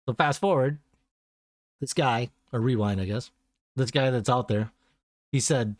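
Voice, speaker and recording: A man's voice: medium pitch, lively intonation, unhurried, pauses often, dry recording, clean studio sound. A man co-hosting a casual podcast, telling rambling stories and acting out phone callers in a raised voice. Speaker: podcast co-host. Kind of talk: casual chat.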